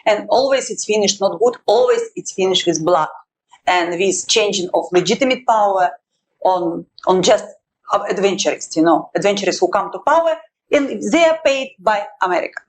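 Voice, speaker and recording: A woman from Russia, a war correspondent, answering interview questions in halting non-native English with a Russian accent and firm emphasis. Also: medium pitch, expressive, slight background noise, poor audio.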